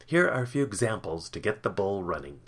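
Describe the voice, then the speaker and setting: A man's voice: lowish voice, very animated, a little fast, husky. A man hosting a podcast, reading workplace tips in an upbeat, playful, jokey way. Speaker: podcast host.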